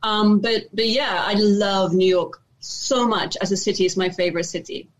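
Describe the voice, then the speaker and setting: A woman's voice: medium pitch, fairly even intonation, poor audio. A young adult woman, an actor, talking reflectively in a casual interview, often restarting her sentences. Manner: reflective, halting with many restarts and fillers.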